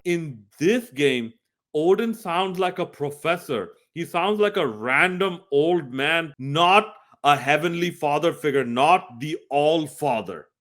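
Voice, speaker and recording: A man's voice: on the high side, animated, takes it slowly, fairly bright tone. A man reviewing a video game, speaking earnestly and emphatically straight to his viewers. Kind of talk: scripted review talk.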